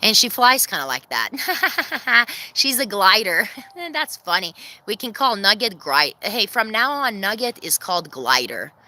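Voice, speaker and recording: A woman chatting casually on a livestream from her backyard coop, laughing often, giving viewers shout-outs and calling to her hens. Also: sing-song, measured pace, hardly any pauses. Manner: calls to her hens in a very high sing-song voice. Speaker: vlogger hosting a livestream premiere. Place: outdoors in a backyard by the chicken coop.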